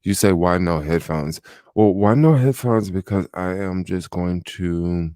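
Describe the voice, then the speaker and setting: A tired young man hosting a casual late-night livestream, rambling and relaxed with many fillers, talking into a desk microphone at home. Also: low-pitched, a little slow, no echo, studio quality. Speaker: livestream host. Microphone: desk microphone without headphones.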